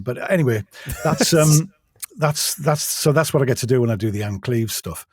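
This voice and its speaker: Self-deprecating husky English man. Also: medium pitch, lively intonation, brisk, dry recording, studio quality. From England. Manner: self-deprecating, hesitant, many restarts. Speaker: audiobook narrator, guest. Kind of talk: casual interview chat.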